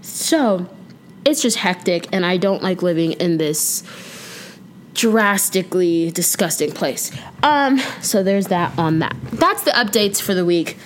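A woman's voice: on the low side, lively intonation, a little slow, a little hiss or hum. Chatty young woman rambling at home. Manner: rambling, chatty and self-deprecating, drifts off topic. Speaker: podcast host. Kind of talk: casual solo chat. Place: her bedroom at home.

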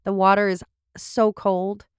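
A woman's voice: medium pitch, level tone, a little slow, clean tone, no echo, clean studio sound. A woman co-hosting a podcast in casual chat, laughing often and stumbling over words as she reads episode summaries. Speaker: podcast co-host.

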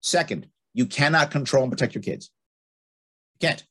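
A man's voice: medium pitch, expressive, normal speed, a bit bright, slightly rough. A middle-aged man giving blunt, emphatic advice in conversation, repeating his points for effect. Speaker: guest.

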